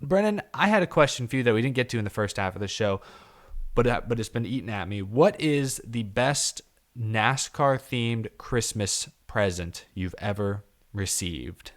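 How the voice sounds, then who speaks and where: Easygoing man hosting a podcast, low voice. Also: animated, normal speed. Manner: easygoing, self-deprecating, rambling with fillers. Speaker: podcast host. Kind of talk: casual podcast chat.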